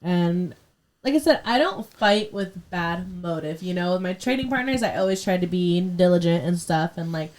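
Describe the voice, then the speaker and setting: A young adult woman, a martial arts fighter, telling stories in a relaxed, matter-of-fact way as a podcast guest. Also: fairly low pitch, normal speed. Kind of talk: casual interview chat.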